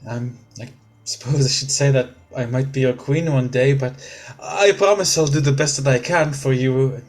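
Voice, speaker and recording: A man's voice: medium pitch, close to an everyday voice. A man voicing a sweet, dreamy young woman who is soon to be queen, who talks in a gushing, hesitant way. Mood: hopeful. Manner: gushing, hesitant, with many halting restarts.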